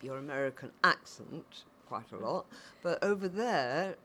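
A woman's voice: low voice, expressive, a little slow, bright, forceful tone. A woman hosting a podcast, chatty and meandering, often restarting her questions. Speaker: podcast host. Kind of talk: interviewing a guest. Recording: faint background noise.

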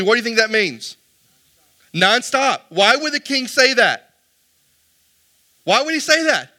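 A man's voice: sits high, sharp tone. A man preaching a sermon as pastor, reading scripture aloud and firing rhetorical questions at the congregation. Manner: reads scripture aloud between remarks.

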